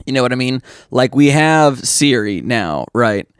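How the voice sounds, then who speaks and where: A man co-hosting a comedy podcast, casual and rambling with quick deadpan quips. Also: mid-range voice, smooth, no echo, clean studio sound. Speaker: podcast co-host.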